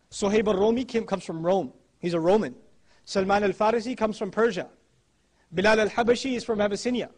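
A man giving a religious talk, emphatic and repeating his key phrases for weight. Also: high voice. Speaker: Islamic speaker.

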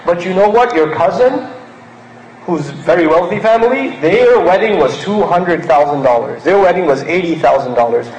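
A man's voice: sits high, animated, normal speed, a little mellow, echoey room, poor audio. A man originally from Pakistan giving a sermon in a conversational way, acting out little scenes to make his point. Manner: conversational, acts out mocking bits. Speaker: preacher.

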